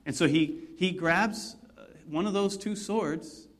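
A man's voice: sits high, measured pace. A man preaching a sermon, retelling a story in a conversational way with asides. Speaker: pastor.

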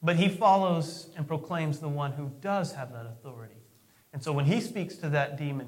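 A male pastor preaching with a high voice, relaxed and conversational as he retells a story. He often stumbles and repeats a word before pressing on. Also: moderate pace. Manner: conversational, storytelling, repeats words when starting. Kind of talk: sermon.

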